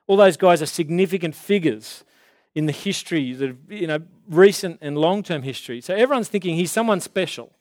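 A man preaching a casual sermon in a conversational way, slowing down to stress key words. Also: on the high side, animated, a little mellow, dry recording, studio quality.

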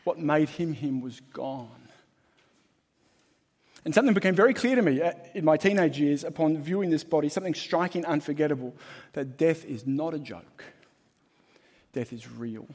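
A man preaching a sermon as pastor, emphatic and shifting between loud and hushed. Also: on the high side, normal speed. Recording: long hall reverb.

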